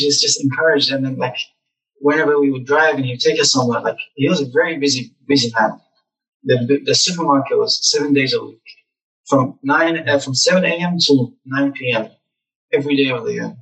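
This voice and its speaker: A young man telling lively stories about his childhood as a guest in a casual interview. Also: medium pitch, normal speed, far from the mic, low-quality recording. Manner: animated, acts out childhood memories.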